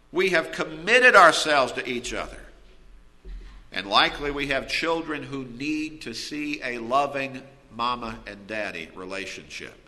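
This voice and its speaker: A man delivers a sermon in a high, very bright voice, swinging between hushed asides and loud storytelling bursts. His words ring out with a long reverb behind them, as in a big hall. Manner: storytelling with wide swings in loudness. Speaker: preacher.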